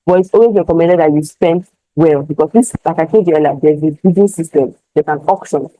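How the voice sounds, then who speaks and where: Mellow ads tutor. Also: medium pitch, brisk, low-quality recording. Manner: explanatory, checks in with the listener often. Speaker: online marketing tutor. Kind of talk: screen-share tutorial.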